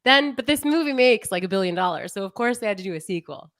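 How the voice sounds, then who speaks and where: A young adult woman co-hosting a podcast in casual chat, animated and often laughing, mock-exasperated as she rants. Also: mid-range voice, quick pace, dry recording, clean studio sound. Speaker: podcast co-host.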